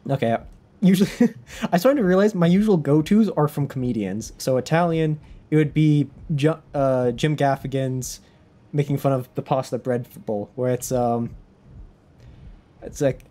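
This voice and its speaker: A man's voice: mid-range voice, a little slow, long pauses, warm tone. A young man streaming a video game, chatting casually in a rambling, self-conscious way. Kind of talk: casual livestream chat.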